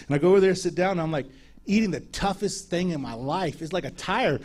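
A man preaches from the pulpit, telling stories with plenty of energy. He acts out the voices of the people in his stories and laughs often. His voice sits fairly high for a man. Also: fast talker, a little mellow. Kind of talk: sermon storytelling.

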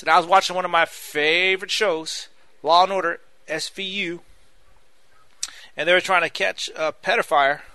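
A man's voice: a little high, bright, forceful tone, no echo. A man preaching a sermon, earnest and repetitive, often addressing the listeners as "my friends".

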